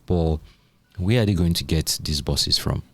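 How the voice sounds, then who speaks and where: Male podcast host, very low pitch, dry sound, casual questioner. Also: unhurried, gravelly, a bit bright, no echo. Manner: questioning, playful asides. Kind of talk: casual tech discussion.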